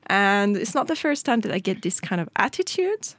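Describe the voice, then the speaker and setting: A woman's voice: mid-range voice, very animated, fairly quick, a bit bright. A middle-aged woman, co-hosting a casual chat and telling a story with quoted dialogue. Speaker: podcast co-host.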